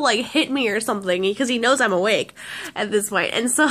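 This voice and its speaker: A woman's voice: high voice, fairly quick, pushed and bright. A woman vlogger telling a story casually, rambling with lots of restarts and fillers.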